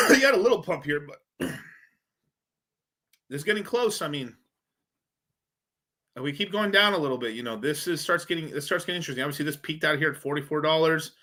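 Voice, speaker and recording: This man's voice runs on the high side with a sharp edge as he hosts a crypto livestream. Chatting casually and swearing, he rambles over the charts and thinks out loud, heard through a streaming setup mic.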